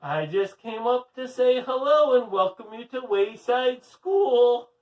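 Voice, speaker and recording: A man's voice: very high-pitched, sing-song, slow pace, echoey room, highs cut off, pitched above the performer's own voice, heavily acted. A man voicing a sweet, giggly, flirtatious woman in a storybook reading, recorded from a distant mic.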